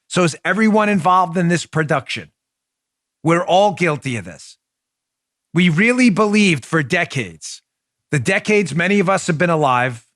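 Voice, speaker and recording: A man's voice: on the high side, a bit bright, no room sound, studio quality. A middle-aged man hosting a podcast, delivering a fired-up political commentary monologue with emphatic, repeated words. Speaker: podcast host.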